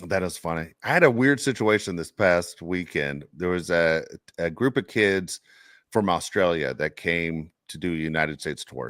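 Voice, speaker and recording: Podcast co-host, middle-aged man, low voice, lively chatty storyteller, dry close mic. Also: dry recording. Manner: animated storytelling, laughs often. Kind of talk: casual chat.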